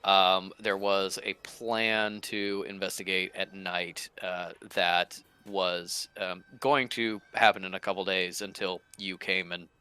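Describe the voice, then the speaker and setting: A man running a tabletop game as game master, rambling and laughing as he quickly paraphrases what the characters say. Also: deep voice, flat delivery, sharp tone, clear, resonant tone.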